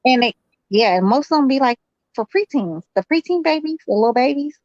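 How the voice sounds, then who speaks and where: A woman's voice: high-pitched, lively intonation, fairly quick, darkish tone, dry recording, highs cut off. A woman co-hosting a live boxing stream, blunt and slangy, swearing freely. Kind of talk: casual live commentary chat.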